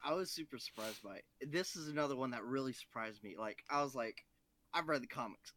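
A man's voice: mid-range voice, brisk, a bit bright, slight background noise. A young man co-hosting a podcast, chatting casually and chiming in with enthusiasm. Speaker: podcast co-host. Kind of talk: casual chat.

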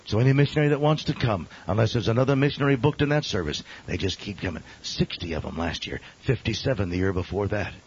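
A man preaching a storytelling sermon as a pastor, dramatic, swinging from loud exclamations to hushed near-whispers, on a dull lo-fi recording. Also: fairly low pitch, fast, few pauses, slight background noise.

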